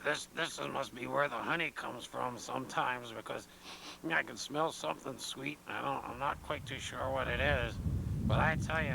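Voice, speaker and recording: A man doing Bruin De Bear, a gravelly bumbling bear. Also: medium pitch, background noise. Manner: slow, wondering, muttering to himself. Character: bumbling, puzzled male bear just woken from hibernation.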